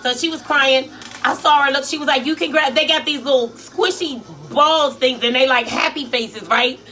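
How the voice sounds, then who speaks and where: A woman's voice: sits high, moderate pace, slight background noise. A woman with a Philadelphia accent telling a story in casual vlog chat, slangy and swearing freely, acting out what people said. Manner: animated, slangy, swears freely, acts out quotes. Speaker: vlogger and life coach.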